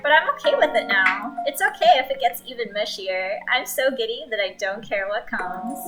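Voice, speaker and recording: A woman's voice: fairly high pitch, expressive, moderate pace, close to an everyday voice, low-quality recording. Lady reading as a giddy heroine in love, plain earnest read, music blasting underneath. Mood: doting. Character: lovestruck young heroine, giddy and doting. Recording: loud game music over the voice. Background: loud game music.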